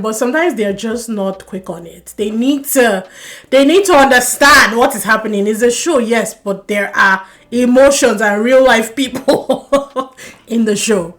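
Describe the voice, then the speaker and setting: A young woman giving a casual, animated review of a reality dating show, swearing and laughing when she gets worked up. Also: on the high side.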